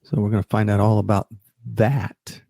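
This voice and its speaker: Male host, gravelly and dark, deadpan quips, dry room. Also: on the low side, moderate pace, no room sound. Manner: dry, wry replies, many short murmurs. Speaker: podcast host. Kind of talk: casual chat.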